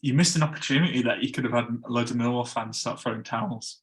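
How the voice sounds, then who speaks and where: A man with a medium-pitched voice hosts a casual podcast chat at a quick pace. He's chatty, stumbles over ad reads and laughs at his own slip-ups.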